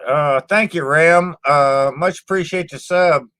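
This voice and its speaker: Blunt cussing guy talking slow to his viewers, bright forward voice, says man a lot, stutters over words. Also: on the high side, clear, resonant tone, no echo, studio quality. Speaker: channel host reading live chat. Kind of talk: casual live-stream chat.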